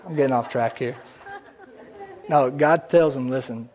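A man's voice: mid-range voice, a little slow, darkish tone, some chatter behind. A man preaching a conversational church sermon, with asides and small jokes along the way. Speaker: pastor. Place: church sanctuary.

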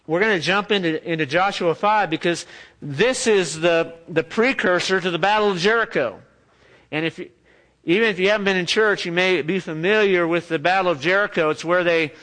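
A man's voice: sits high, moderate pace, a bit bright. Conversational man preaching a sermon. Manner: conversational, joking asides with the congregation. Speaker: pastor. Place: church.

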